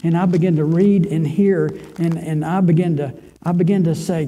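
An older male pastor preaches a heartfelt testimony with a high-pitched yet mellow voice. He repeats himself for emphasis and swings between soaring, fervent cries and hushed, near-whispered lines. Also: steady tone, moderate pace, hardly any pauses, rough recording. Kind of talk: sermon testimony.

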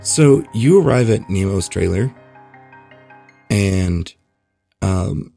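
A man running a tabletop role-playing game as game master, relaxed and full of fillers. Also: low-pitched, takes it slowly, vocal fry, faint music behind.

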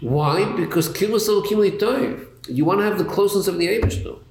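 Guy teaching a torah class, gravelly, echoey room, bit of hiss. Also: high-pitched, a little fast. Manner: animated, rhetorical questions, repeats words while thinking. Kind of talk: Chassidus class lecture. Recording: echoey room with faint noise.

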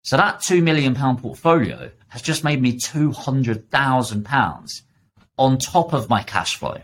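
A man's voice: medium pitch, expressive, a little slow, a bit bright. A man talking as a podcast guest, emphatic and fired up, swearing freely. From United Kingdom. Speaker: podcast guest, property investor. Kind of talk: casual podcast chat.

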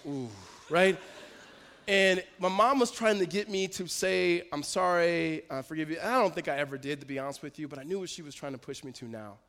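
A male pastor telling a personal story in a sermon, in a lively storytelling manner with quick restarts. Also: a little high. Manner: storytelling, animated, self-interrupting with laughs. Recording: long hall reverb.

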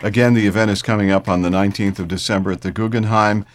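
A man's voice: lowish voice, fairly even intonation, fast talker, a little hiss or hum. A man hosting a podcast, genial and chatty, often stumbling over his words. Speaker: podcast host. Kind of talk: casual podcast interview.

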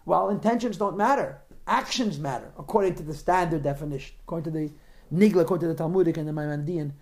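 A man's voice: a little high, fast, darkish tone. A man teaching a class on a religious text, posing rhetorical questions to his students and answering their remarks. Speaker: Torah teacher.

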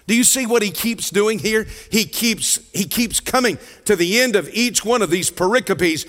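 A man preaches in a large church hall, his voice swinging widely in pitch and ranging from hushed, drawn-out phrases to raised calls to the congregation. He takes his time, lingering on words with unhurried pacing. A long reverb trails every line. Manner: dynamic preaching, drops to near-whispers and rises to calls to the congregation. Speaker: pastor. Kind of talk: sermon.

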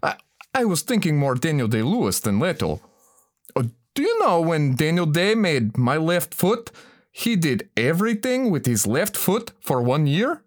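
A man's voice: a little high, very animated, moderate pace. An actor playing a brash man who speaks broken English, dropping articles, and insists on a swaggering Texan persona. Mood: insistent. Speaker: comedy sketch character. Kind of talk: comedic sketch acting.

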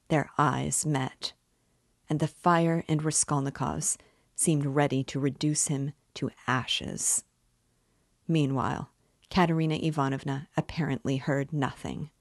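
A woman reading a classic novel aloud in measured audiobook narration. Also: sits low, no echo, clean studio sound.

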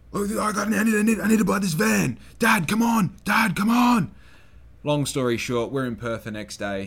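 Low-voiced Australian bloke telling a story. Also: male voice. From Western Australia. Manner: swears freely, acts out quoted people, gets loud when excited. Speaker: podcast host. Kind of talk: casual solo podcast storytelling.

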